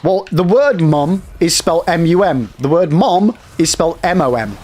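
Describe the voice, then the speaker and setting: An excitable man streaming a hard game live, chatting with viewers between fights. His voice sits a bit high and swings widely in pitch. Faint noise runs under it. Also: moderate pace.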